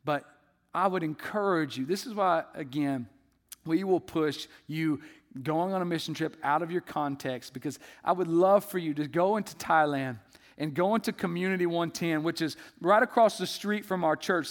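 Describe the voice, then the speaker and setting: Conversational pastor in an echoey hall. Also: male voice, on the high side, normal speed. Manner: conversational, animated storytelling. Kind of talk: sermon.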